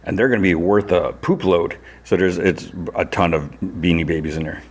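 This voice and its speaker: A man hosting a podcast, casually retelling a TV episode with many fillers and jumping into a higher voice to act out the characters' lines. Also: normal speed, breathy edge. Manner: loose storytelling that acts out characters' lines in a raised voice; many fillers like "you know" and "like". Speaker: podcast host recapping TV episodes.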